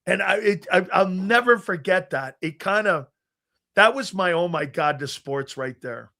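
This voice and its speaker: A middle-aged man chatting casually as a sports show host, slipping into lively retellings of old memories. His voice sits a little high for a man, and the talk is loose and conversational. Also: measured pace, creaky. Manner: animated storyteller, acts out his younger self.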